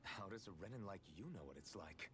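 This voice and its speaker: A man's voice: low voice, fast, over music, close to an everyday voice. A man voicing an earnest, blunt young adventurer in a dubbed video game cutscene, plain-spoken and direct.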